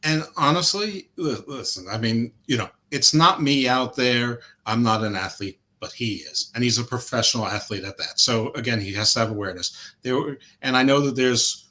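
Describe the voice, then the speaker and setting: A man's voice: mid-range voice, moderate pace, hardly any pauses, sharp tone. A middle-aged man co-hosting a sports podcast, talking casually and with opinions, rambling with fillers and restarts. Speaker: podcast co-host.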